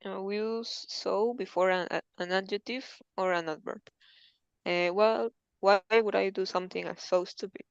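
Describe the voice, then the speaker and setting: A woman's voice: medium pitch, steady tone, moderate pace, creaky, clear, resonant tone, no echo, dull audio. A woman student reading textbook passages aloud in an English lesson, carefully and with hesitant fillers.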